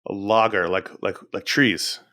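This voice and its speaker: A man's voice: on the low side, fairly even intonation, a little slow, bright, forceful tone, no echo, studio quality. A man co-hosting a podcast in a casual, chatty way, running through announcements and listener emails. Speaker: podcast co-host.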